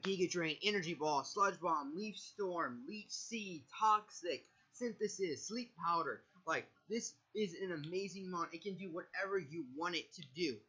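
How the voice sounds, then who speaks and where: In this casual draft analysis, a jittery video creator keeps tripping over his words and fixing them as he goes over his picks. He speaks high, bright and forceful with some huskiness, a little slowly, barely pausing. The audio is dull.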